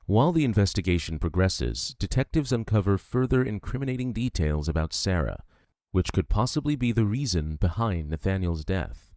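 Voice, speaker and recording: A man narrating a true crime documentary from a script in a measured, grave delivery. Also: deep voice, animated, a little mellow, no echo, clean studio sound.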